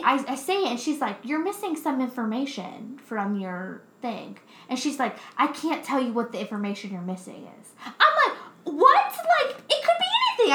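A young woman telling a story in casual chat, animated, swearing often, laughing as she talks. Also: sits high. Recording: roomy echo.

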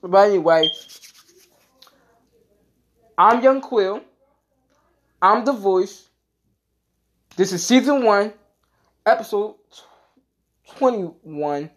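A man's voice: high-pitched, animated, very slow, long pauses. A young man holds forth on his own podcast in a loose, heated rant. His talk is thick with curses and filler words, and he circles back to the same points again and again. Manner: profane, repetitive, full of "like"; gets heated and louder. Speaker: podcast host.

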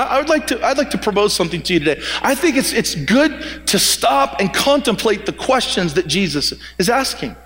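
A male pastor with a fairly high voice delivers a sermon in a relaxed storytelling manner. He often restarts phrases and doubles words as he thinks aloud. The sound carries a long, echoing reverb from the hall around him.

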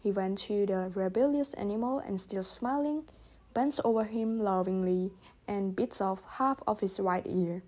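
A woman reading a children's story aloud, gently voicing the characters. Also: mid-range voice, normal speed. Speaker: audiobook reader. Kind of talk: storybook narration.

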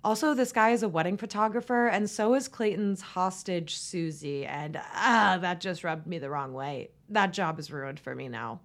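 A woman's voice: fairly low pitch, normal speed, few pauses. A young woman from Florida hosting a solo recap podcast, chatty and sarcastic, with lots of "like" and "oh my God.". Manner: chatty, sarcastic, valley-girl fillers. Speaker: podcast host.

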